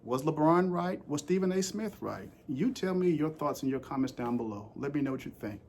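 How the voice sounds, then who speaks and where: A man's voice: a little high, lively intonation, brisk, darkish tone, a little hiss or hum. A man recording a casual sports commentary vlog, rambling with lots of fillers and putting questions straight to his viewers. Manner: rambling, with frequent fillers and restarts; asks the audience questions directly.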